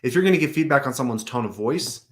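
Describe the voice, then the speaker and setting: A man's voice: mid-range voice, expressive, fast. A man hosting a show, coaching managers on a recorded service call in a direct, advisory way. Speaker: customer service coach, host.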